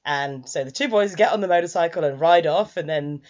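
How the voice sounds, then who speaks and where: A woman casually recapping and reviewing an anime, chatty, with quick asides. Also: lowish voice, darkish tone. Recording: dull lo-fi sound.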